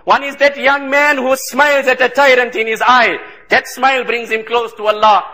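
A man's voice: very high voice, level tone, normal speed, bright, forceful tone. A man preaching an impassioned sermon, emphatic and repeating phrases for stress.

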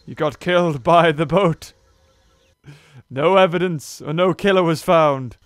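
A man giving excitable let's play commentary, laughing, yelping and muttering to himself as he plays. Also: on the high side, unhurried, no room sound, studio quality. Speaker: gameplay commentator.

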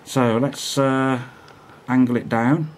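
A man's voice: mid-range voice, fairly even intonation, slow pace. A man chats and jokes in a rambling, casual vlog manner. He is recorded indoors at home by a camera mic on a tripod that sits some distance away. The room sounds echoey, and a faint hiss of noise sits underneath. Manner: rambling, joking, chatty. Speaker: vacuum cleaner video host. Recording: roomy, mic set away.

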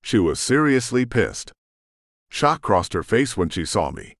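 A man narrating a romance audiobook in the first person, expressive and brooding. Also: lowish voice, unhurried, dry recording, studio quality.

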